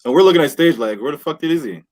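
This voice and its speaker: A man telling a wild story on a casual podcast with friends, animated and swearing, acting out what people said. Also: on the high side, fast. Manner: animated, swears a lot, acts out quotes. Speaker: podcast host. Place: indoor podcast room with friends.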